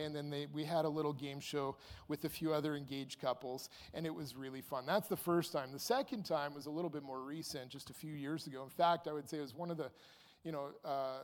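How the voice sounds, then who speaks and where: A man in his fifties telling a personal anecdote aloud, animated and rambling with fillers and restarts. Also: high voice, normal speed. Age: 50s. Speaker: storyteller. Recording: long hall reverb.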